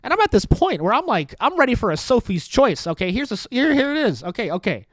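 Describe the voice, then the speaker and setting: A man's voice: very high-pitched, very animated, fast, fairly bright tone, no echo. A man hosting a comedy podcast, ranting in a profane, sarcastic and rambling way, often cutting himself off. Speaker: podcast host.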